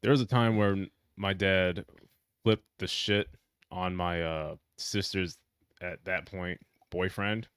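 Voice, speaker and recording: A man's voice: low voice, fairly even intonation, slow, a bit bright, smooth, no room sound. A young man co-hosting a podcast, chatting in a laid-back way and swearing casually. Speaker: podcast co-host. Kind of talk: casual chat.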